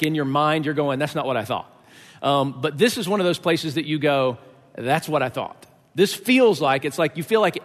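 Pastor guy chatting through a sermon, kinda high voice, lots of um and uh, echo from a big hall. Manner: conversational and joking, with many fillers. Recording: echoey hall.

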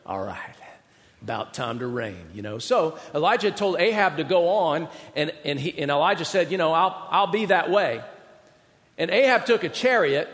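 A man preaching a sermon in an animated, conversational storytelling manner, recorded in a church sanctuary. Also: sits high. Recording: reverberant hall.

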